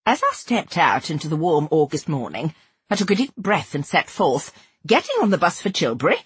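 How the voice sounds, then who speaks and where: A woman giving an expressive first-person narration of a novel. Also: low-pitched, breathy edge, dry recording. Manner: expressive, dramatic. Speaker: audiobook narrator.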